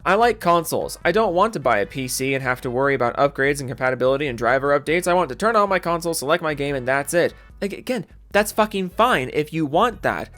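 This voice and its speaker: A man giving casual, profane, sarcastic commentary on gaming and rattling off viewer shout-outs. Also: a little high. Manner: profane, sarcastic, rapid-fire.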